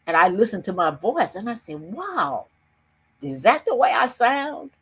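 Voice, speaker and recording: A woman's voice: lowish voice, slightly rough. An older woman telling a personal story earnestly on a video call, with emphatic shifts of pace. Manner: earnest, emphatic, speeds up and slows down. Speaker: summit speaker.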